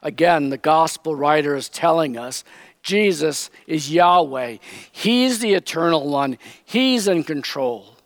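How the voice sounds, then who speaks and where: A man preaching a sermon, teaching slowly and with emphasis, raising his voice when he quotes. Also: fairly high pitch, lively intonation, no echo. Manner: slow, emphatic Bible teaching, quoting figures in raised voice.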